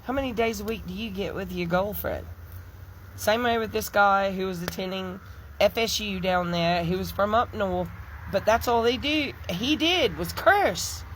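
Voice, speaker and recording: A woman's voice: medium pitch, normal speed, fairly bright tone, slight background noise. A middle-aged woman, giving emphatic, indignant commentary as she tells a personal story. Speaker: social media commentator. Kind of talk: impassioned stitch commentary.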